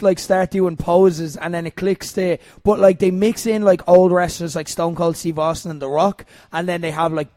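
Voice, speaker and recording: A man's voice: high-pitched, a little mellow, no room sound. A man hosting a casual wrestling podcast, rambling with lots of fillers and the odd swear. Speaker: podcast host.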